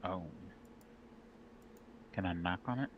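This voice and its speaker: A man playing a tabletop game over a call, chatty and quick to joke and protest. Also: low voice, highs cut off, a little hiss or hum. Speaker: player. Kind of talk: casual chat while playing a tabletop game.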